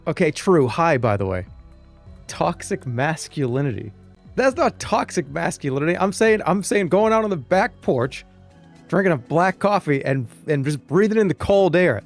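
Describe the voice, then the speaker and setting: A man, chatting casually on a live stream, rambling and joking, now and then breaking into loud animated rants. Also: medium pitch.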